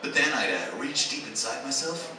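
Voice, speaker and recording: Stand-up man doing a pompous American guy, American accent, deep and slow, self-important, echoey venue. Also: animated, noisy background, close to an everyday voice. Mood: earnest. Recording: echoey live theatre, distant mic.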